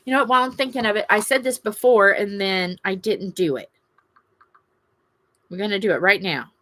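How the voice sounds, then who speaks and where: This livestream host is a middle-aged woman with a Southern US accent and a mid-range, slightly bright voice at a moderate pace. She chats casually with viewers, rambling and gushing.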